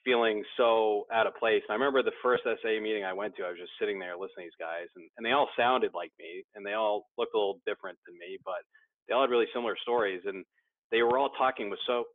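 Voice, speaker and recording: A man's voice: lowish voice, fast talker, no echo. A man sharing his story candidly in a recovery support meeting, often restarting his sentences. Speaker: support group member. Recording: dry tinny phone-like sound.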